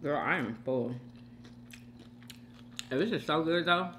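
A woman's voice: low voice, slow pace, noisy background. A woman hosting a mukbang, chatting casually while she eats and giving her opinions straight to her viewers. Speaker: mukbang host. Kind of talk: casual chat while eating.

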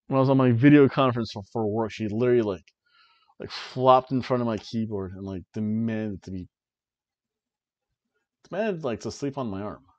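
A man's voice: medium pitch, normal speed, pauses often. Chatty man reviewing wrestling, lo-fi sound. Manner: animated, chatty, with offhand asides. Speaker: wrestling review podcast host. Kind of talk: casual chat.

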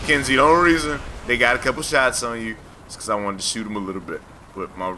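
A man's voice: mid-range voice, quick pace, sharp tone, slight background noise. A man hosting a let's play, rambling, teasing and talking back to the game as he plays. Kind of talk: joking gameplay commentary.

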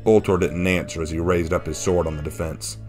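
A man narrating a fan-written action story in a steady, dramatic reading. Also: low voice, brisk. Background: faint background music.

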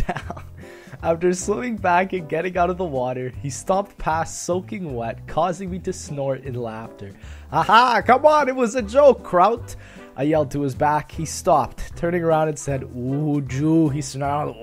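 A man reading fan fiction aloud to his channel, casual and profane, breaking off into reactions. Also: on the high side. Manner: profane, animated asides between read lines.

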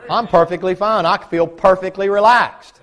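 Man, pastor, slightly high voice, dramatic sermon that jumps from yelling to low sarcasm. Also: steady tone, moderate pace. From United States. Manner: dramatic, swings from shouting to mocking mutters. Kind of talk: fiery sermon. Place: church sanctuary.

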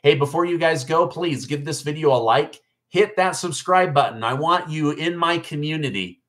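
A man's voice: a little high, normal speed, fairly bright tone. A man hosting a live news stream, talking casually to his viewers in an incredulous, mocking tone. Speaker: political news livestream host. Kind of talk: casual livestream news commentary.

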